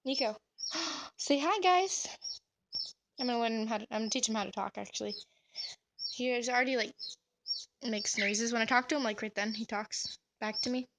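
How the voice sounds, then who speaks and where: A woman's voice: a little high, steady tone, quick pace, noisy background. A woman vlogging about her pet cockatiel, chatting casually and cooing to the bird in a sing-song baby voice. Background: cockatiel chirping.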